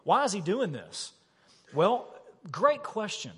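A man with a high, slightly husky voice preaches an emphatic sermon. He keeps asking his listeners questions. The long reverb of a church hall follows every line. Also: slow. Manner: animated, emphatic, rhetorical questions. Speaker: pastor. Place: church sanctuary.

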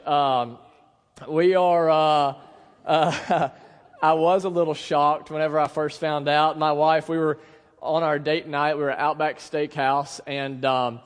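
A man in his thirties, a pastor preaching a sermon in a church, telling stories in a relaxed, conversational, self-deprecating way. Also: fairly high pitch. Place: church sanctuary. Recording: long hall reverb.

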